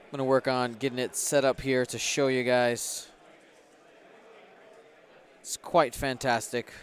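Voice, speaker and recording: A man's voice: medium pitch, flat delivery, unhurried. A man hosting a game tournament livestream, chatting upbeat with viewers and running giveaways. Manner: upbeat, chatty, hypes the chat. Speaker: stream host and commentator.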